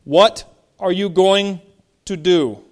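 A man's voice: high voice, slow pace. A middle-aged male pastor preaching a sermon, reading Bible verses aloud and explaining them, with emphatic stresses.

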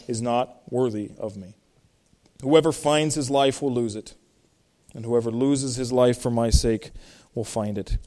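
A man's voice: mid-range voice, mellow. A middle-aged male pastor preaching a sermon, reading Bible verses aloud and explaining them, with emphatic stresses.

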